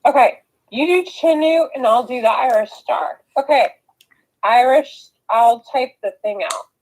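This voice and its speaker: A woman's voice: high voice, a little slow, darkish tone, poor audio. A young woman chatting casually during a tarot reading game, hesitant and giggly with nervous rambling. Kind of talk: casual chat.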